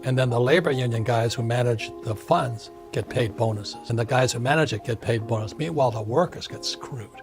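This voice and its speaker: Blunt older American man in his 70s, mid-range voice, emphatic interview guest over background music. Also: medium pitch. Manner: blunt and emphatic, repeats words for stress. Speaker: author being interviewed as a guest.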